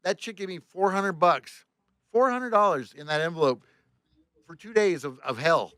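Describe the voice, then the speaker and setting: A man with a fairly high, bright and forceful voice spins a story on a podcast about his work as a tour bus driver. He swears freely, keeps the tale lively and plays out every line of the exchange himself. The sound is dry and close. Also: moderate pace, clean tone, dry recording. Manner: animated, profane, reenacts dialogue with "I go, he goes".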